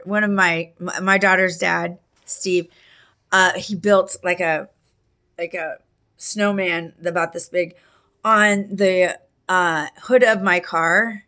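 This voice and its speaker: With a lowish, bright voice and a forceful tone, a middle-aged woman spins a rambling personal anecdote. It's casual and packed with fillers and restarts, and she clears her throat now and then because of allergies.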